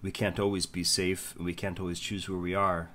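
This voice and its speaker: A man puts on a hardened young warrior woman who speaks gently and earnestly, offering comfort in a tabletop game. The voice sits low and bright, with faint ambient noise behind it. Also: flat delivery, fairly quick. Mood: gentle, earnest.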